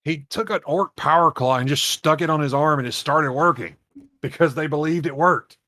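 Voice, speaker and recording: A young man hosting a casual podcast who rambles in an animated way and swears freely. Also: on the high side, moderate pace, no echo, clean studio sound. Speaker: podcast host.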